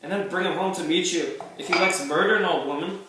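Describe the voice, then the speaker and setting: A man's voice: sits high, fast talker, background noise, close to an everyday voice. A man playing a bitter, scornful daughter. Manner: scornful and cutting, sarcastic. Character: bitter, sharp-tongued Irish daughter, middle-aged. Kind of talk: amateur stage-play acting. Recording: echoey room, mic far off.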